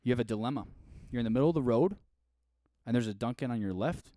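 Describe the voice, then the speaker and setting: A man's voice: mid-range voice, fast, dry recording, studio quality. A man co-hosting a casual podcast, telling stories with lots of jokes and playful impressions. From Michigan. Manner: animated storyteller, slips into joking accent impressions. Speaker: podcast co-host. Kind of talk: casual chat.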